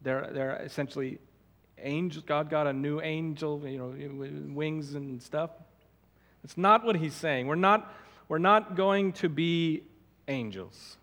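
A male pastor delivers an expository sermon in a fairly high voice, stressing key words and repeating himself for emphasis. His voice carries a long reverb from a church sanctuary. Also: slow pace, fairly bright tone.

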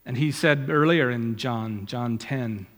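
A man preaching a sermon, swelling loud and high when he quotes Scripture and dropping low and quiet on asides. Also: slow. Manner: rises in pitch and volume when quoting Scripture, drops low on asides. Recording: long hall reverb.

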